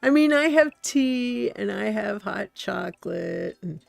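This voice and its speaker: Gravelly, slow-talking woman streamer. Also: mid-range voice, lively intonation. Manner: chatty, giggly, talks to her viewers. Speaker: streamer, host. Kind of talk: relaxed gameplay commentary.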